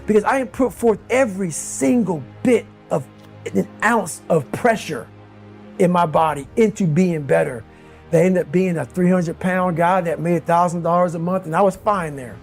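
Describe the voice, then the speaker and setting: A motivational speaker delivers an intense, blunt, emphatic speech. His voice sits high and moves at a moderate pace over soft background music.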